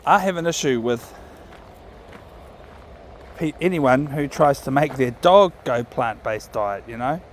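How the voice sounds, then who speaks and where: A man's voice: mid-range voice, expressive, unhurried, pauses often, a little hiss or hum. A man with a New Zealand accent chatting casually to camera while walking his dog on an outdoor riverside trail. He rambles and often corrects himself mid-sentence. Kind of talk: casual walking vlog chat.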